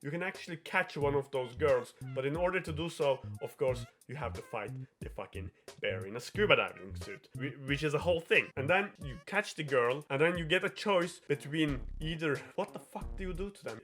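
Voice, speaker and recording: A man's voice: on the high side, animated, a little fast, few pauses, fairly bright tone, faint music behind. A young man hosting a show, retelling a game plot in a rambling, profane, giggly way. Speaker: host.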